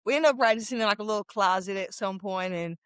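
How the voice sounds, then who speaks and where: Young woman from Memphis, lively guest storyteller; smooth voice, mid pitch. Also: quick pace, no echo. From Memphis, USA. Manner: lively storyteller with frequent laughs. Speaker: guest, former football captain. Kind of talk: casual interview talk.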